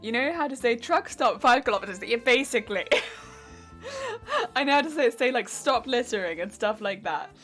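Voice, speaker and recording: A woman craft streamer chatting casually on a live stream while hoarse, her wheezy voice cracking as she talks. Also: fairly high pitch, sing-song, normal speed, a bit bright, soft background music.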